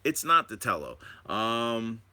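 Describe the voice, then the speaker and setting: A man hosting a live stream at home, rambling excitedly and talking to his viewers about drones. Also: medium pitch, slow. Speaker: drone channel host.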